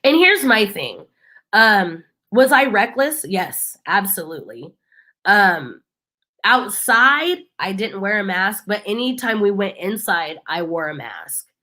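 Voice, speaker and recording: A woman's voice: medium pitch, big pitch swings, takes it slowly, sharp tone. Chatty woman vlogger, loose and casual. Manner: chatty storytelling, full of fillers. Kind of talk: casual chat.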